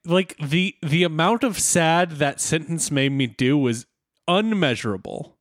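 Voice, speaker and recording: A man co-hosting a podcast, recapping an episode in playful, animated chat. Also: fairly high pitch, no room sound, studio quality. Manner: animated, playful, quick to laugh. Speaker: podcast co-host.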